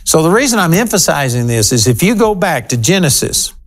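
A man's voice: a little high, big pitch swings, a little fast. Emphatic male TV Bible teacher. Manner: emphatic, talking straight to listeners. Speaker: Bible teacher hosting a broadcast program.

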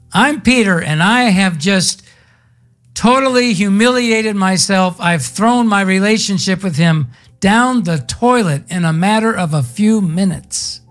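Slow, folksy preacher. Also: mid-range voice, expressive, a bit bright, soft background music. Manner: folksy, conversational storytelling with slang. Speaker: pastor. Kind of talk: sermon.

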